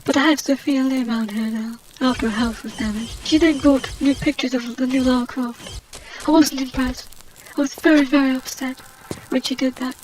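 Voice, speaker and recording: A woman's voice: high-pitched, fairly even intonation, moderate pace, darkish tone, a little hiss or hum, natural voice, rough recording. A woman voicing a haughty, out-of-work adventurer heroine, rambling snobbish gossip over gameplay commentary. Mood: indignant.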